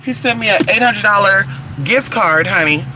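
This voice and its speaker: A vlogger with a high-pitched voice live-chats with viewers at normal speed from his car at a gas station, sassy and profane, calling them "honey" and saying he's losing his voice. The phone audio is noisy, with car and traffic sounds around him.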